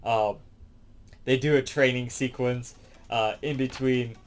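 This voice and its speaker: A man with a mid-range voice recaps a film in a loose, wandering way, leaning on "um" and "like" as he goes. He talks as a reviewer in a relaxed, unscripted chat, and faint music plays behind him. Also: mid-range voice, slow. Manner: rambling, heavy on fillers like "um" and "like". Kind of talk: casual spoken movie recap.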